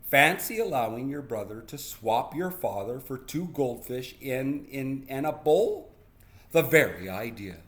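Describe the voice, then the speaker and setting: A man's voice: medium pitch, animated, unhurried, fairly bright tone. A man voicing a proper, scolding mother in a read-aloud storybook. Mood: stern. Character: prim, stern mother of two.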